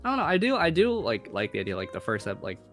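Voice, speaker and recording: A man's voice: medium pitch, huge pitch swings, fast talker, fairly bright tone, faint music behind. A man, a voice actor, chatting casually and rambling with many fillers. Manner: rambling, lots of fillers, laughs often. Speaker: voice actor, podcast co-host. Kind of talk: casual chat.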